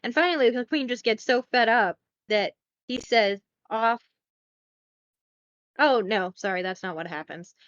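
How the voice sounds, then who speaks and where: A woman's voice: on the high side, normal speed, no echo, highs cut off. A woman hosting a podcast, casually recapping a film in a chatty, rambling way with some swearing. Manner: chatty, swearing, rambling with fillers and self-corrections. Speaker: podcast host.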